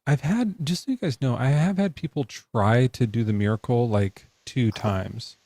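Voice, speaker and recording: A man's voice: mid-range voice, animated, normal speed, dark tone, no room sound. A man hosting a live call-in debate show, talking loosely and jokily with lots of fillers. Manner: loose, rambling, joking, lots of likes and ums. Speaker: podcast host taking callers. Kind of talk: casual live debate chat.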